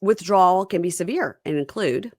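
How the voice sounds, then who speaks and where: A woman hosting a casual podcast, recapping a reality TV episode with animated retelling. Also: normal speed, dry recording, clean studio sound. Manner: lively, acts out quotes in a higher voice. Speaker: podcast host.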